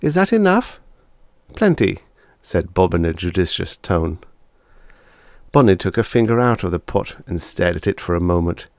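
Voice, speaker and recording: A man's voice: low voice, normal speed, a little mellow, no echo. A man reading vintage science fiction aloud as scripted audiobook narration, with a dry storytelling delivery. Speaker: audiobook reader.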